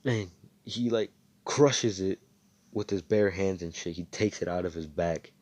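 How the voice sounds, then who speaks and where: A man's voice: low voice, unhurried, a little mellow. A young man casually retelling his own fan-fiction story over voice chat, rambling and swearing with lots of fillers.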